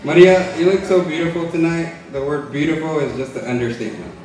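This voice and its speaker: A twenty-something man delivers a joking, chatty toast at his twin brother's wedding, laughing as he goes. His slightly mellow voice is on the high side, with fairly even intonation and a brisk delivery. The large hotel banquet hall is very echoey, heard through a distant mic.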